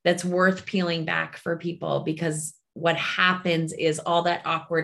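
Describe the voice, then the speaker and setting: Low-voiced woman, earnest grief clinician. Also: level tone, measured pace, creaky, a bit bright. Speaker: grief clinician and podcast host. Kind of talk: casual conversation.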